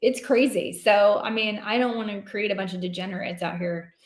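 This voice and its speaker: Lady betting analyst guest, mid-pitch, easygoing and chatty, bit of room echo. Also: brisk. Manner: chatty, laid-back, self-deprecating. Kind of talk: casual podcast chat. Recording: echoey room.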